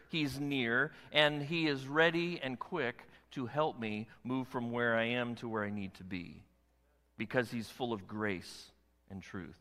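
A man preaching a sermon as pastor, animated and emphatic, with many rhetorical questions to his church. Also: mid-range voice. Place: church sanctuary. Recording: long hall reverb.

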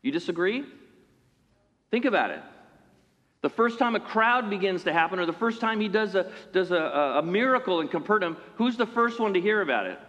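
A man preaching a sermon in an animated way, acting out the voices of the people in his story. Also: high voice, fairly quick, muffled recording. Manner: animated, acts out voices of characters. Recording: long hall reverb.

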